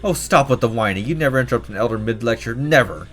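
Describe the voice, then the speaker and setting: A man voices a cranky old tribal elder woman from a video game. She barks orders and lectures the young with no patience at all. Quiet game music hums behind her. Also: mid-range voice, lively intonation, quick pace, natural voice. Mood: scolding. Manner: barking, scolding, impatient.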